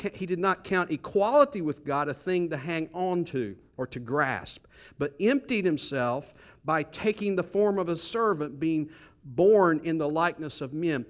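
A middle-aged man, a pastor, preaching a sermon in a church with lively, conversational delivery, joking and asking the congregation questions. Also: fairly high pitch. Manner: animated, conversational preaching with humor and rhetorical questions. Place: church sanctuary.

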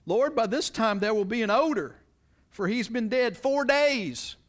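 A man's voice: very high voice, expressive, unhurried, voice pushed up. A man voicing a grieving woman, the sister of a dead man, within a sermon reading. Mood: pleading.

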